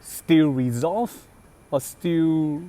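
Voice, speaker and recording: A male gaming host casually comments on a game character's voice lines, his dark-toned voice a little high for a man and slow. His delivery is halting, with frequent self-corrections and fillers like "um" and "like."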